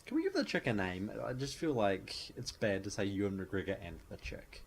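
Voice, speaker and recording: A man's voice: on the low side, wildly swooping pitch, moderate pace, slight background noise. A young man hosting a podcast, chatting casually and jokingly about an old TV episode. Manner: joking, acts out quoted lines in silly voices. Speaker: podcast host. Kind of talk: casual chat recapping a show.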